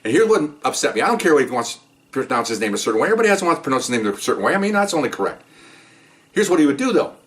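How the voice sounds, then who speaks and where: A middle-aged man, a former police officer, telling his own stories in an animated monologue with sarcastic asides. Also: medium pitch, racing. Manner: animated, sarcastic asides, mimics people he quotes. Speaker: retired police officer, podcast host. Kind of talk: storytelling monologue.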